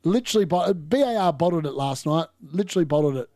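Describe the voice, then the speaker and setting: A man hosting a live football watchalong, commenting on play and ranting opinions, getting excitable and yelling at chances. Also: a little high, quick pace, dry recording, studio quality. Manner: excitable, yells at chances on screen. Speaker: host of a fantasy football watchalong.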